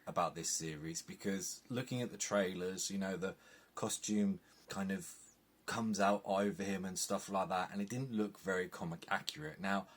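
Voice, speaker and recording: An English man talks straight to camera in a low voice with a husky edge. He sounds exasperated and animated as he picks apart an episode. His sentences are packed with casual "like" fillers. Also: normal speed. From England. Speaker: TV reviewer. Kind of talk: opinionated review monologue.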